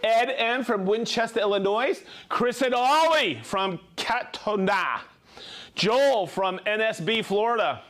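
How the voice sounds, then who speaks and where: A man hosting a live tool show in casual chat, upbeat and laughing often as he reads out viewer shout-outs. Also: sits high, animated, a little slow.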